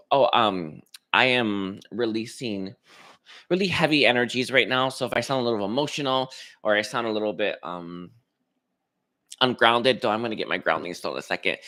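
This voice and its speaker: A man hosting a spiritual livestream, talking casually and hesitantly with many pauses and restarts. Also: mid-range voice, pushed and bright. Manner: hesitant, lots of ums and restarts. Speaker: psychic reader hosting a livestream.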